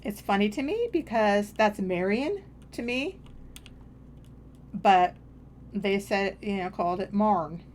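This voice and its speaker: A woman's voice: medium pitch, lively intonation, takes it slowly, long pauses, darkish tone, slight background noise. A woman streaming a game, chatting casually in a meandering, self-deprecating way. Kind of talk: casual rambling chat while gaming.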